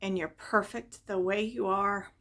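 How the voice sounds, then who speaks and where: A woman voicing a gentle old grandmother. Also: mid-range voice, steady tone, unhurried. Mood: tender. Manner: soft, tender, reassuring. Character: gentle loving elderly grandmother.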